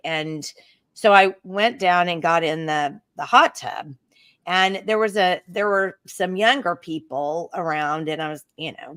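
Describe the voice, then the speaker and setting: A middle-aged woman with an Oklahoma accent, co-hosting a talk show and telling a long travel story in an animated, chatty way. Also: low-pitched, no echo, studio quality. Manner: animated storyteller, puts on voices for quoted people. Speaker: co-host.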